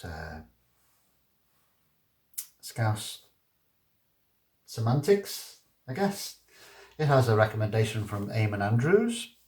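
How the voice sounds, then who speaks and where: A man talks through records at an easy pace, pausing on ums and restarting his sentences, warmly keen on what he shows. His voice sits at an ordinary middle pitch and carries a roomy echo from the indoor space around him. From Liverpool, England. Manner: unhurried, hesitant, with frequent ums and restarts; gently enthusiastic. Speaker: vinyl record reviewer. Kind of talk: casual video record review.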